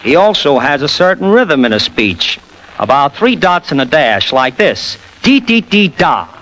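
A man guests as an impressionist on a 1940s radio interview, joking as he explains his craft. His voice sits fairly high and moves in a lively way. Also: normal speed, low-quality recording. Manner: jokey, explanatory.

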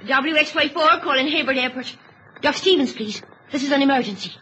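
A woman's voice: high-pitched, fairly quick, pushed and bright. A woman acting a mother who tends her son and radios for help, motherly at first, then frantic. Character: anxious frontier mother on a radio set. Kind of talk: vintage radio drama acting. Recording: muffled noisy old radio recording.

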